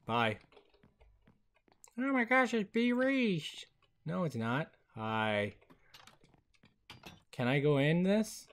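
A man commentating casually while playing a video game, talking into a headset. His voice swings widely in pitch with quick bursts of excitement and frequent laughter. He speaks at an unhurried, easygoing pace. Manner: excitable, laughs often, chatty. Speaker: gaming video host.

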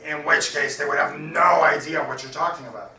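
A man voicing a smug, blustering pirate, loud and emphatic, in a poetry reading. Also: a little high, steady tone, brisk, creaky, a crowd in the background. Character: gruff smug male pirate, middle-aged. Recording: roomy lecture hall from a distance.

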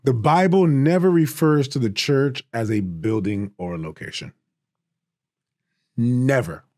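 A man teaching a Bible study in a casual, emphatic way, raising his voice to stress points and slowing down on key phrases. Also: medium pitch, darkish tone, no echo, studio quality. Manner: emphatic and conversational, rising for stress, drawing words out slowly.

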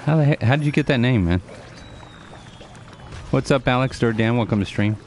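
Faint music plays behind a man in his forties whose medium-pitched voice has a darkish tone and a fairly quick pace. In casual live-stream chat, he earnestly lectures his audience, repeats himself, and answers viewers by name.

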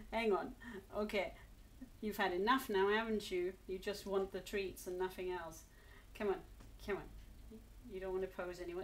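A woman's voice: mid-range voice, a little slow, pauses often, a little hiss or hum. A woman from England coaxing her cat into posing for photos, cooing and encouraging it along. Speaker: pet owner filming her cat. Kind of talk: coaxing talk to a pet.

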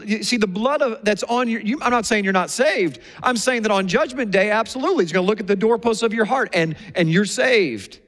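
In a large hall with a long, ringing reverb, a high-voiced pastor preaches with a fairly bright tone. He tells stories with energy, impersonating the people he quotes.

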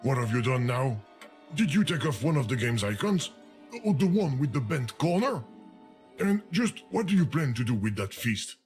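A man's voice: mid-range voice, sing-song, moderate pace. A man voicing a fussy, easily exasperated talking video game that scolds the player with indignant, panicky outbursts. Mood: alarmed. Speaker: game narrator character. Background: music.

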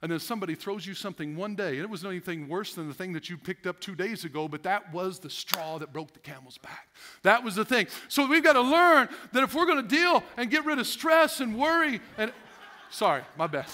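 A male pastor preaching a sermon, animated, laughing often and acting out the voices of stressed people. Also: sits high, fairly quick, hardly any pauses. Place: church sanctuary.

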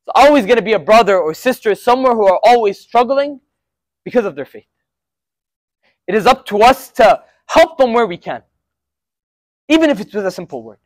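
A young man with a notably high voice gives a casual storytelling lesson, and his speech is full of Arabic fillers. The sound is dry and close. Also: big pitch swings, a little fast, pauses often, no echo. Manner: casual, conversational, with frequent Arabic filler words. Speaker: student speaker at a university Muslim association. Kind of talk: informal religious storytelling lesson.

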